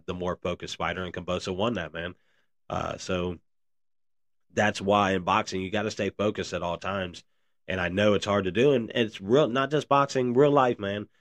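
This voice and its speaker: A man's voice: deep voice, a bit bright, dry recording. A man hosting a casual solo podcast, rambling with lots of fillers and calling his listeners "man" and "guys.". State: briefly out of breath. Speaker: podcast host.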